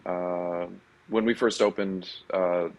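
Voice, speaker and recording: A man taking part as a guest on a podcast over a remote call, answering in relaxed, hesitant talk. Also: sits low, slow, low-quality recording. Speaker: brewery guest. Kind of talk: casual interview answers.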